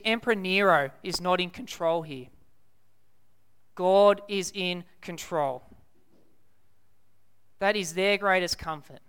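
Slow, crisp-voiced Australian preacher man. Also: sits high, fairly bright tone. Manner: emphatic, repeats key words slowly for effect. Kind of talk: sermon.

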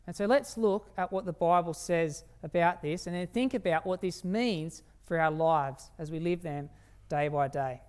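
Smooth-voiced preacher giving an emphatic sermon. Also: medium pitch, a little mellow. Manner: emphatic, slows down on key phrases, asks rhetorical questions.

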